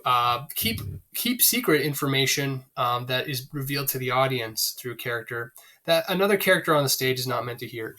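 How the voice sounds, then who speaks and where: A male teacher talks through a literature lesson with a bright, forceful edge to his voice. He keeps it chatty, with plenty of fillers and rhetorical questions to his students. His pitch sits in an ordinary middle range. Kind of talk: recorded literature lecture.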